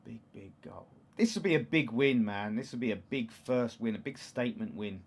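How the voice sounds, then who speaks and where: A man's voice: mid-range voice, expressive, normal speed. Chatty East London man hosting a watchalong. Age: 30s. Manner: chatty, reads out viewer comments, erupts into loud shouts at chances. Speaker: livestream host. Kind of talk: casual football watchalong chat.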